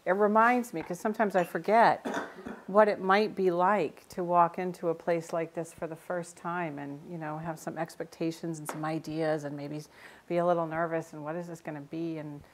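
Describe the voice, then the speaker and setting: An older woman, a Zen teacher, giving a conversational dharma talk in a meditation center, telling stories with gentle self-mocking humor. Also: lowish voice, fairly even intonation, normal speed.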